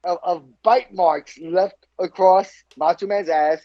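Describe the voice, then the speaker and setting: A man co-hosting a podcast, telling a story in an animated way and laughing often. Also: high voice, slow, dry recording, lo-fi sound. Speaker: podcast co-host. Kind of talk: casual chat.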